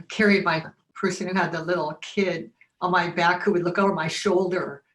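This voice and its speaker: A woman in her sixties sharing heartfelt memories over a video call, earnest and halting, often emotional. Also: fairly low pitch, fairly bright tone. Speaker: reunion guest. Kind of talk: heartfelt reminiscence.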